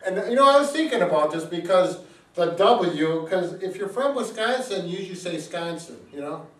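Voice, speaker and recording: A physical therapist gives a casual product demonstration, explaining step by step with frequent fillers. His voice sits high and sounds expressive and fairly bright, and he talks fairly quickly. The room is echoey, and the mic is at a distance.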